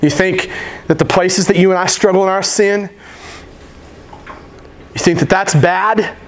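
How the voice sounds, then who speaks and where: A male pastor preaching a sermon in a casual, slangy, animated storytelling way. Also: high voice, unhurried, a little hiss or hum.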